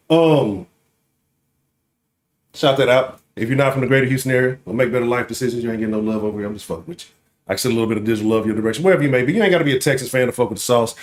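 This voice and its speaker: A man in his late thirties hosting a casual sports talk livestream, full of profane trash talk and always checking in with "right?". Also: medium pitch. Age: late 30s. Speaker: sports talk show host.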